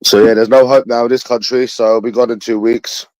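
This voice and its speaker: A man's voice: medium pitch, level tone, a little fast, darkish tone, dry recording, rough recording. A man with a London accent, talking to his viewers in a rambling livestream monologue. He sounds bitter, repeats himself and swears often.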